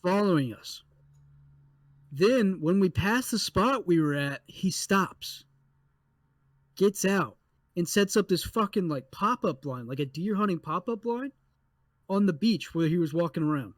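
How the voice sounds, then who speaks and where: A young adult man co-hosting a podcast, telling a story in a casual, animated way with lots of swearing. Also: high voice, unhurried, no echo. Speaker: podcast co-host.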